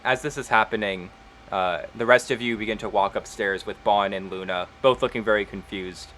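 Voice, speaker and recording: A man narrating a tabletop role-playing game as game master, unhurried, with frequent fillers. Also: on the low side, fairly even intonation, a bit bright, a little hiss or hum.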